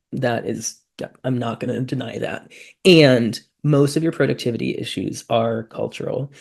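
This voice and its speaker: A woman speaking on a webinar panel, impassioned and quick to get worked up, with frequent "um" fillers. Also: very deep voice, creaky, darkish tone.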